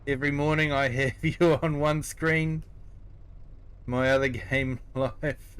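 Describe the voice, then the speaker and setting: Talking slowly in a smooth, fairly high-pitched voice, a middle-aged New Zealander hangs out with viewers during a game live stream, answering them in a relaxed, chatty manner.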